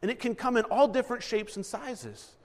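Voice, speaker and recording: A man's voice: very high-pitched, brisk, in a large hall. A man preaching a sermon in a conversational style, acting out little asides and correcting himself mid-sentence. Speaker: pastor.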